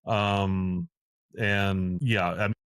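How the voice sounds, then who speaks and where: A man co-hosting a casual podcast chat, talking fast with halting restarts. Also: sits low, steady tone, fairly bright tone, clean tone, no echo. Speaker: podcast co-host.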